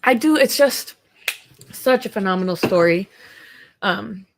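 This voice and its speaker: A young woman talks slowly and easily, hosting a casual livestream from home. She rambles along with viewers in a mid-range voice and breaks off now and then to talk to her dog. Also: mid-range voice, lively intonation. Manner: chatty and rambling, talking to her dog in between. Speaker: livestream host.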